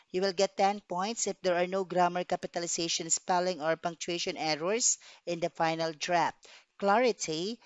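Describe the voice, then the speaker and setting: A woman's voice: fairly low pitch, clear, resonant tone, dry recording. A woman English teacher giving a recorded lesson, explaining tasks step by step and checking in with "okay". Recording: dull dry recording.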